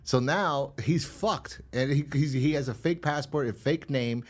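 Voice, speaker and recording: A man's voice: mid-range voice, a little slow. A man casually retelling an episode's plot on a podcast, swearing and restarting often. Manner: rambling, profane retelling with many restarts. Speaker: podcast co-host reviewing a horror episode. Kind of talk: casual chat.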